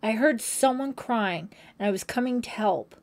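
A woman's voice: medium pitch, normal speed, warm tone, natural voice. A woman voicing a brave, worried teenage girl counselor in an audiobook, earnest and urgent.

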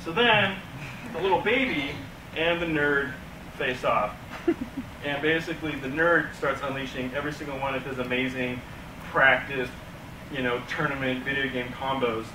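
A young man, an animation student, enthusiastically pitching a film story to a class and acting out its scenes, recorded from far off in an echoey, noisy classroom. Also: normal speed. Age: young adult. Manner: enthusiastic, laughing, acts out scenes.

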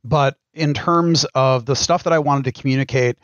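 A middle-aged man, a game designer, answering interview questions in a thoughtful, halting way with frequent ums. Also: medium pitch, no echo, dull audio. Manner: thoughtful, pauses with many ums. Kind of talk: casual podcast interview.

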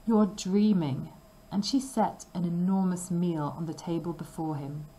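A woman reading a fairy tale aloud slowly and carefully for language learners. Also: on the low side, fairly even intonation, dark tone, a little hiss or hum, low-quality recording. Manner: slow, careful and clearly paced. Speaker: storybook reader.

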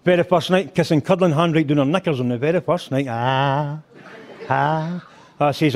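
An older Scottish man performs a live stand-up routine in a rugby club function hall, telling crude stories with animation. His voice is on the high side at a moderate pace, and he mimics voices, hums tunes and sings band intros.

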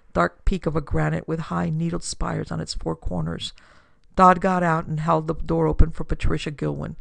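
A woman's voice: sits low, creaky, no echo. A woman narrating a classic pulp detective story with dramatic storytelling for her podcast. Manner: dramatic storytelling, builds force in action scenes.

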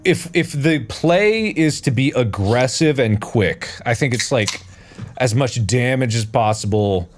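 A man casually chatting with friends while playing a co-op zombie game, at times shouting. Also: mid-range voice, measured pace, slight background noise. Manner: animated, shouting repeated refusals, then explaining tactics. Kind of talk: casual gaming chat.

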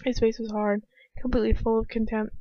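A woman's voice: on the high side, flat delivery, a little fast, dry recording, dull audio. Woman casually reading fanfiction aloud. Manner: casual, breaks off to comment and laugh. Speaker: fanfiction reader. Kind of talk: amateur first-person story reading.

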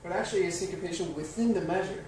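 A man with a high-pitched, darkish voice speaks at a quick pace, patiently explaining rhythm and counting beats aloud in an instructional piano lesson. The recording comes from a distant mic in a roomy studio, with piano playing and a little hiss or hum.

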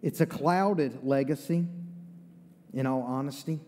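A man's voice: medium pitch, measured pace, mellow. A man with an Eastern North Carolina accent preaching a sermon as pastor, in a folksy, conversational way with asides. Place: church sanctuary. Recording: long reverb of a church hall.

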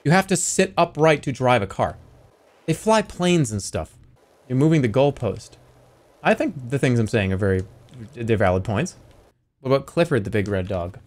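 A man's voice: medium pitch, normal speed, slight background noise. A man streaming casually, arguing playfully with his chat. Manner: argumentative, animated banter with chat. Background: faint music.

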